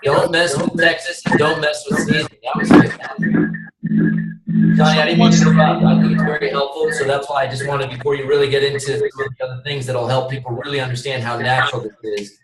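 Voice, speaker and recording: A man's voice: medium pitch, level tone, fast, over loud music. Joking man on an echoey call. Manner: joking, chatty. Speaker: call moderator. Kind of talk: casual chat. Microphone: call microphone. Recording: echoey, distant, noisy call line.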